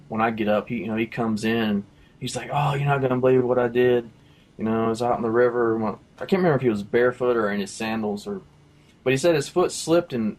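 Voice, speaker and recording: A man sharing a faith testimony in casual talk, rambling with lots of fillers and his voice jumping high and loud at the exciting parts. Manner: rambling storyteller, many fillers like "you know" and "like".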